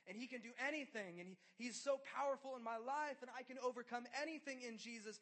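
A man preaching to a youth group in a conversational style, swinging between loud urgency and hushed closeness, with lots of "like". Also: very high voice, fast. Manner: conversational, filler "like". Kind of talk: sermon.

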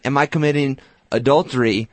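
A man's voice: medium pitch, a little fast, dry recording. A man, a pastor co-hosting a radio show, chatting playfully and rambling through his thoughts. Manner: rambling, playful, self-interrupting. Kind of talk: casual radio banter.

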